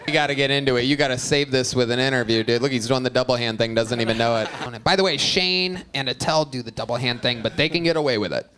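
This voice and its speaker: A man's voice: mid-range voice, fast talker, hardly any pauses, a bit bright. A male comedy show host roasting a comic on stage, brash, profane and mocking. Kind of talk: roast-style comedy interview.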